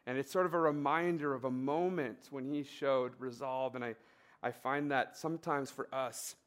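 A man's voice: mid-range voice, moderate pace. Man preaching conversationally. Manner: relaxed storytelling with fillers and emphatic repetition. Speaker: pastor. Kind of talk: conversational sermon with personal story.

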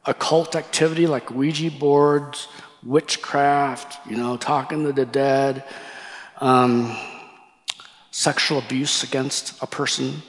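A man preaching a sermon as a pastor, telling a story in a lively way and acting out the voices of the people in it. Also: mid-range voice, slow, long reverb tail.

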